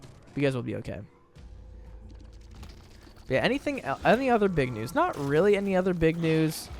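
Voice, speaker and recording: Lively young man rambling over gameplay. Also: a little high, fairly quick, a little hiss or hum. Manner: chatty, rambling, animated, exaggerated indignation. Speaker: gaming video creator. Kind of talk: casual gameplay commentary.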